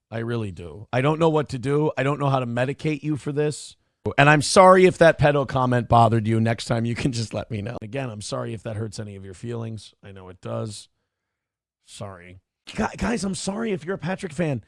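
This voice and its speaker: A man with a medium-pitched, creaky voice and an Upper Midwest American accent hosts a live-streamed morning talk show. He keeps apologizing again and again, but his tone is sarcastic and combative. The recording is dry and studio quality.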